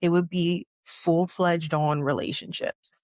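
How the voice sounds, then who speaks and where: A woman's voice: on the low side, steady tone, measured pace, a little mellow, no room sound, studio quality. Supportive woman podcast host. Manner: supportive, emphatic, swears casually. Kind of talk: casual chat.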